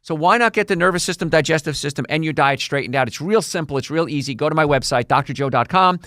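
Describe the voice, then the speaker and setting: Energetic chiropractor hosting a health show. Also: male voice, a little high, fast, dry recording, clean studio sound. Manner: energetic, salesy, acts out patients' voices. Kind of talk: solo health podcast monologue.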